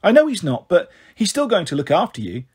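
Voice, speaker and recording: A man's voice: high voice, huge pitch swings, brisk, a little mellow, breathy edge, exaggerated voice. A man voicing a defensive teenage girl who talks back sharply. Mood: defiant.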